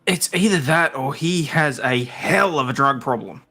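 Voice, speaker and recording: A man co-hosting a podcast, chiming in with wry, quick asides in casual chat. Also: medium pitch, lively intonation, pushed and bright. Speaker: podcast co-host.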